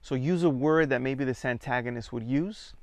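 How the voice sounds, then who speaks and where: A man at medium pitch with a smooth, resonant voice guides a theatre exercise. He speaks calmly and in measured steps, counting the group in. The sound is close and dry. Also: dry recording. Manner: calm, measured, counts students in and prompts them. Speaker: theatre workshop leader.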